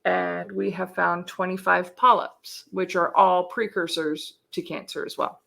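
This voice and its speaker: A woman's voice: lowish voice, level tone, measured pace, gravelly, bright, forceful tone. A woman in her forties telling a personal story candidly on a video call, swearing freely and acting out the dialogue. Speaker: interview guest.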